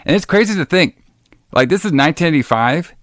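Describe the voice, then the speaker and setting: A man's voice: a little high, animated, brisk, fairly bright tone, dry recording, studio quality. A man co-hosting a casual podcast, rambling with lots of fillers and enthusiastic about old wrestling shows. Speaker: podcast co-host.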